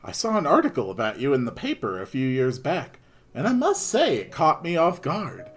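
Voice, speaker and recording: A man's voice: on the high side, wildly swooping pitch, normal speed, breathy edge, faint music behind, exaggerated voice. A man voicing a friendly, talkative older male shopkeeper with folksy, old-fashioned turns of phrase.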